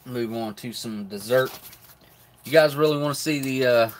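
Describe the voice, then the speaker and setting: A man's voice: mid-range voice, normal speed, very noisy. A middle-aged man hosts a live stream, chatting casually about rations while eating, often with his mouth full. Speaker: live stream host reviewing military rations.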